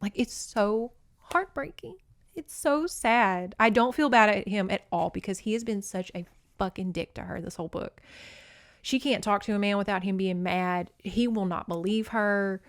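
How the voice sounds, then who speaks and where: A woman's voice: medium pitch, moderate pace, no echo, clean studio sound. A woman hosting a podcast, recapping a book in casual, candid talk with plenty of swearing, and acting out the characters as she goes. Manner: candid and profane, with frequent swearing; animated storyteller who acts out the characters' lines. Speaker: podcast host.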